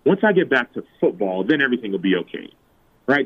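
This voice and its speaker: A man in his thirties, a former football player, tells personal stories in an interview, acting out quoted lines in a higher voice. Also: expressive, fast, breathy edge. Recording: tinny phone-like remote line.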